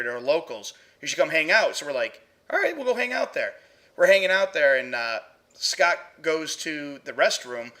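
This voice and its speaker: A man's voice: fairly high pitch, sharp tone. A talkative man hosting a casual chat, laughing easily. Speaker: podcast host.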